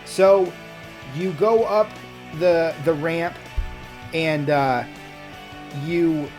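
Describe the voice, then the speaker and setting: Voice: mid-range voice, extremely slow, darkish tone, soft background music. A game master narrating a tabletop game in a casual way, with many fillers and restarts.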